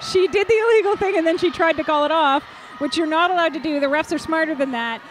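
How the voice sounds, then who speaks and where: Chatty high-voiced woman commentator. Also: fast talker, a little hiss or hum. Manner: chatty, jokey, laughs often. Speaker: roller derby commentator. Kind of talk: live sports commentary.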